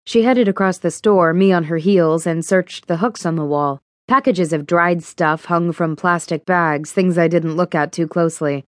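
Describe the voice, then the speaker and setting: A woman reads a first-person novel aloud in a steady, even manner. Her voice sits a little low, and the close studio recording is dry with no room sound. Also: normal speed, hardly any pauses, no echo. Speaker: audiobook narrator. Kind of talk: scripted first-person narration.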